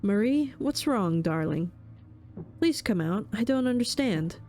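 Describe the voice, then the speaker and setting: Casting: woman doing a tender ghost husband, pleading, mid-pitched voice, faint music behind. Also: animated, a little slow, a little mellow, close to an everyday voice. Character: grieving male ghost painter, gentle husband.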